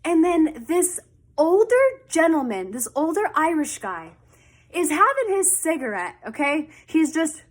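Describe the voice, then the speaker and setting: A young woman with a bright, high voice tells a personal story in a loose, chatty way. She acts out both sides of the conversation as she retells it. She is from Canada. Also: a little slow. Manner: chatty, animated retelling with quoted dialogue. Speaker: vlogger. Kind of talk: casual storytelling.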